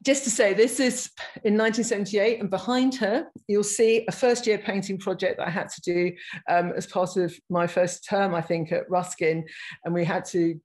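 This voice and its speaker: A woman, giving a reflective talk over a video call and reading passages aloud, with halting phrasing and frequent restarts. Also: medium pitch, steady tone, darkish tone, poor audio. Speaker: guest speaker.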